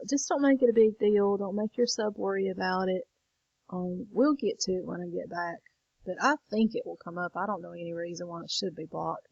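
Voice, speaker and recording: A woman's voice: medium pitch, creaky, slightly rough, no echo, dull audio. A woman teacher walking students through a lesson late in the evening, tired and yawning. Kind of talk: recorded lesson walkthrough.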